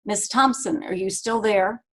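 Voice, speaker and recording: A woman's voice: medium pitch, measured pace. A woman voicing a persistent, impatient older male lawyer in a storybook reading, formal and insistent.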